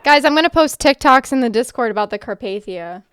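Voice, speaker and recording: A woman's slightly high, somewhat bright voice moves briskly with lively intonation, over a faint hiss or hum. She chats away with viewers while streaming a game live, talks to chat, and says she's very emotional.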